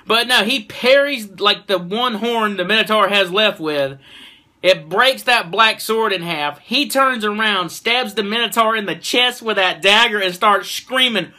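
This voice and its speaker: A man giving a casual anime episode review, excitable and swearing freely as he retells a fight. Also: high voice, measured pace.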